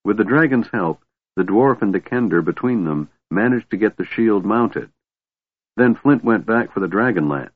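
A man narrating a fantasy audiobook in a steady, measured storytelling manner. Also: lowish voice, breathy edge, no echo. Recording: tinny phone-like dry sound.

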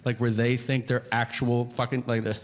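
Man, stand-up comedian, incredulous rant, mid pitch, live theater echo. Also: little pitch movement, normal speed. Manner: ranting, incredulous, rising to near shouts. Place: large theater stage with audience. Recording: live hall with long reverb and audience noise. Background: audience laughter.

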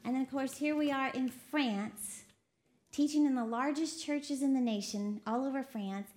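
A woman from Texas preaching a lively sermon, laughing often and quoting voices as she talks. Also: high voice, normal speed. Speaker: preacher co-hosting a broadcast. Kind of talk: sermon to a women's audience.

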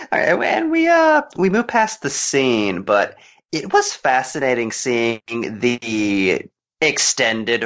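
Lively laughing man in movie chat. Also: medium pitch. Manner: animated, laughs often, analytical. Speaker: podcast co-host. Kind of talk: casual movie commentary chat. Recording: dull lo-fi sound.

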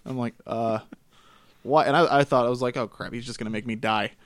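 A man co-hosting a gaming podcast, chatting casually and telling animated stories with frequent laughter. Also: medium pitch, brisk, dry recording. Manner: laughs often, animated storytelling. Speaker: podcast co-host. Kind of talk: casual chat about games.

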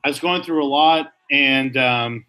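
A man's voice: medium pitch, a little slow, sharp tone, faint music behind, rough recording. A man co-hosting a comedy podcast, rambling through mock-serious apologies. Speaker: podcast co-host. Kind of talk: casual comedic chat.

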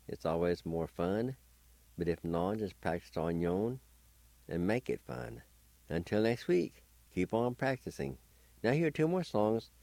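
Slow, deep-voiced man teaching words. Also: dark tone, no room sound. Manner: spells and pronounces words slowly, syllable by syllable; patient, encouraging teacher. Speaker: radio host teaching a language. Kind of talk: radio language lesson.

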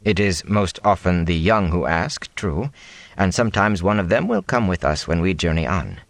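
A man reading aloud, voicing a gentle, patient traveling elder who speaks formally in a storybook. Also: sits low, lively intonation, normal speed, no echo.

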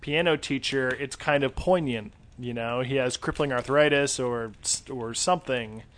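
A man's voice: medium pitch, moderate pace, fairly bright tone, slight background noise. A man co-hosting a podcast, chiming in with dry, wry asides in casual chat. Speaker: podcast co-host.

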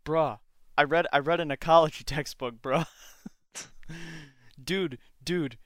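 A man's voice: on the high side, steady tone, takes it slowly, fairly bright tone, dry recording, studio quality. A young man hosting a casual podcast chat, joking and ironic, often laughing. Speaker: podcast host.

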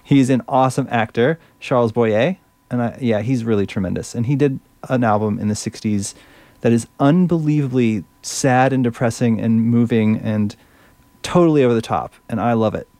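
A man's voice: mid-range voice, normal speed, dark tone, dry recording. A male radio host chatting casually between songs, enthusiastic and fumbling a little over French words.

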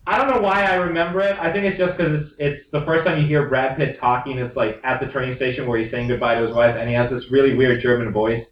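A man's voice: medium pitch, fairly even intonation, quick pace, few pauses, far from the mic, highs cut off, a little hiss or hum. A man co-hosts a loose podcast chat, teasing his friends and swearing now and then. His voice sits in a middle range for a man. It has a roomy echo and sounds set back from the mic. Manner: joking, teasing, swears freely. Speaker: podcast co-host. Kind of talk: casual chat.

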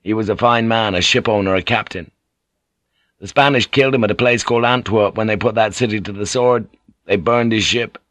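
A man playing a weary English sea captain with a low, grounded voice. He talks earnestly and plainly, close to the mic in a dry studio read. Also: brisk, fairly bright tone, dry recording, natural voice. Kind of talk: audiobook character reading.

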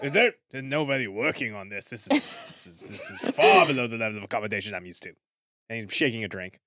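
A man voicing a loud, swearing rich male passenger in a put-on New York accent, in a tabletop game. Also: mid-range voice, sing-song, fast talker, dry recording, studio quality, voice pushed down. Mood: outraged. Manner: loud, profane, indignant.

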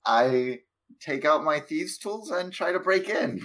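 A man's voice: a little high, expressive, measured pace, fairly bright tone, poor audio. A man playing a tabletop game online, joking and playful in casual banter. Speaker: player.

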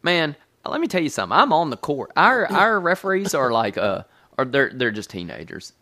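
A man's voice: on the high side, very animated, normal speed, bright, forceful tone, no echo, studio quality. A man in casual chat, laughing often and chiming in on his friend's story.

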